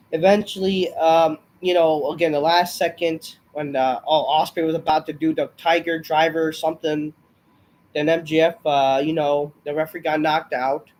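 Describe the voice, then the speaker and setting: His voice is a little high with a darkish tone, delivered at normal speed against a faint hiss or hum. The man sounds ill and short of breath as he sighs and curses his way through a rambling, irritated review of a wrestling show.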